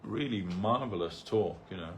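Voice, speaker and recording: A man speaks in a fairly low voice, telling stories and explaining a reading in a loose, meandering way. His talk is stacked with "like" and "you know". A faint hiss sits behind him. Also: expressive, moderate pace. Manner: rambling, full of "like" and "you know". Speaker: devotee speaker. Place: temple hall.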